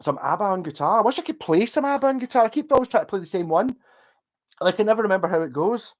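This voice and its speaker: Scottish male streamer, fairly high-pitched, casual sweary ramble. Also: expressive. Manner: sweary, rambling, quick to laugh. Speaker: livestreamer. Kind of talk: casual rambling livestream chat.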